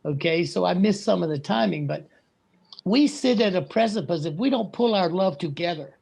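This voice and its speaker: Gravelly-voiced man giving a spiritual talk. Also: high-pitched, animated, a little mellow. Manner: slow, earnest and blunt. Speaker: guest speaker.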